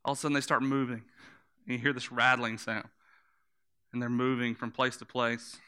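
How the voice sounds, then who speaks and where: A man's voice: mid-range voice, flat delivery, fairly quick, sharp tone, clear, resonant tone. A man preaching a sermon, telling the story in vivid images, repeating words for emphasis and asking the listeners to close their eyes and imagine.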